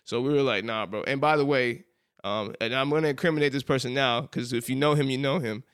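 A man co-hosting a podcast with a Southern US accent, telling a college story in casual chat, animated and quick to laugh. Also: medium pitch, clean tone. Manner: animated storyteller, laughs often, says "bro". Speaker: podcast co-host.

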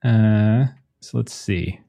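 Running a tabletop session, a male game master muses aloud, full of fillers and frequent laughter. He speaks extremely slowly in a fairly low, warm voice with vocal fry, while faint music plays.

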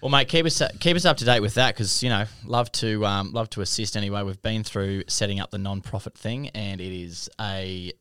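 An Australian man co-hosting a podcast, relaxed and friendly in talk. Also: fairly low pitch, fairly quick, hardly any pauses, smooth, dry recording, clean studio sound. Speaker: podcast co-host. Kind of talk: casual chat.

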